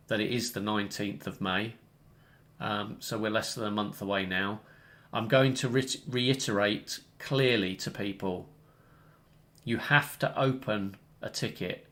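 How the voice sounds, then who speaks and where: A man's voice: on the low side, fairly even intonation, a little slow, fairly bright tone. A man hosting a casual online community update, rambling and correcting himself as he explains the steps.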